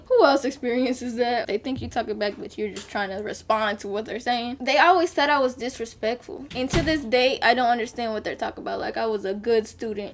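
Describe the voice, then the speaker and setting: A young woman vlogger, chatting candidly and animatedly as she tells a personal story while doing her makeup. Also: fairly high pitch. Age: young adult.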